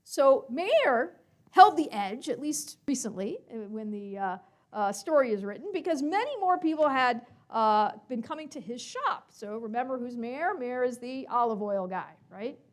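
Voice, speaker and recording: Woman telling a story at a service, high voice, swoops all over, acts out the parts. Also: normal speed. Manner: animated, acts out characters, asks listeners questions. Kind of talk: storytelling to a congregation.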